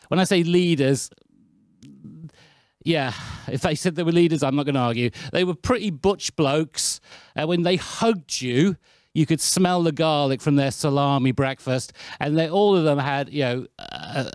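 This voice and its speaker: Chatty British preacher, dry sound. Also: male voice, a little high, normal speed, no echo. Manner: anecdotal, chatty and lively, with self-deprecating asides. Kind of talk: sermon.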